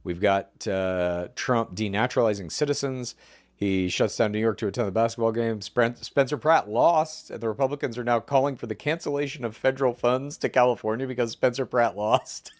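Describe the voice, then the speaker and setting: A man's voice: medium pitch, fairly quick, dry recording, clean studio sound. A man hosting a podcast, chatting casually with his mother and running down the week's news. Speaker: podcast host.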